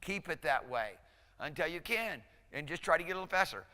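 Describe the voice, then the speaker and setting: A man's voice: on the high side, animated, sharp tone. Man drilling pronunciation in a reverberant lecture hall. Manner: drills pronunciation slowly, syllable by syllable; encouraging, conversational teacher. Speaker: Hebrew instructor. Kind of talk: classroom lecture.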